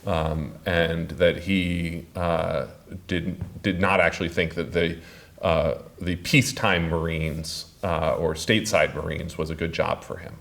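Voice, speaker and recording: A man giving a public talk as an author, speaking haltingly with many filler sounds. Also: low-pitched, level tone, vocal fry, a bit bright. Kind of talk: public lecture.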